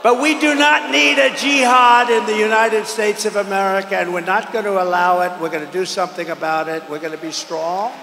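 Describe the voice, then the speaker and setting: A man's voice: steady tone, a little fast, few pauses. Older man speaking at an echoey rally. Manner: rambling, repetitive, swings between loud declarations and low asides. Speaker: political candidate at a rally. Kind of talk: campaign rally speech. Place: large outdoor or arena rally. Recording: echoey hall with long reverb.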